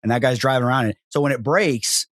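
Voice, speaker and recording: Rambling American host, dry sound. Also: male voice, mid-range voice, fast talker, no room sound. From United States. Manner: rambling, repeats himself, says "like" a lot. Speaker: podcast host. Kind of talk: casual interview chat.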